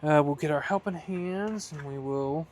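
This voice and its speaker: Slow-talking man at a workbench. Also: fairly high pitch, a little mellow. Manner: chatty, self-correcting, thinks aloud while working. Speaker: hobbyist building a flight-sim throttle. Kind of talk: casual workshop tutorial.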